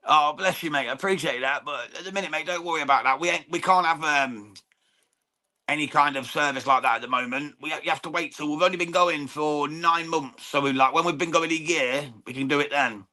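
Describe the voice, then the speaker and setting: Bright-voiced English lad commentating live. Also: male voice, on the high side, fairly quick. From England. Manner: chatty, informal, swears freely, says mate often, thanks viewers. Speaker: watchalong stream host. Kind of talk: live boxing watchalong commentary and chat with viewers.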